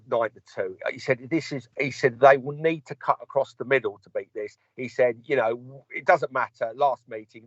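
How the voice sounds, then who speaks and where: A man's voice: medium pitch, dry recording. A man telling a long, sweary anecdote in a casual podcast chat and acting out the people he quotes. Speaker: podcast co-host. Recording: dull lo-fi podcast audio.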